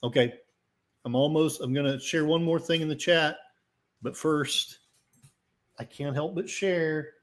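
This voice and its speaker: A man's voice: fairly high pitch, unhurried, long pauses. A man hosting a casual livestream, rambling and self-deprecating as he reads the chat and talks to his pets. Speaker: livestream host. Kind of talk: casual live-stream chat.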